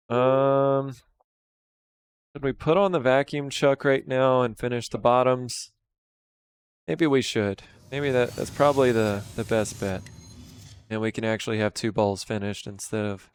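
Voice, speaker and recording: A man in his thirties chats casually on a live stream, relaxed and rambling as he talks with viewers while he works. His voice is mid-range with a clean tone.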